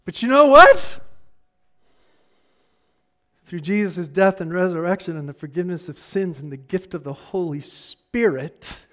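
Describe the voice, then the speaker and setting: A man preaching a sermon in a conversational way, dropping to near-hushed asides and then rising to fired-up emphasis. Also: sits high, lively intonation, unhurried, long pauses.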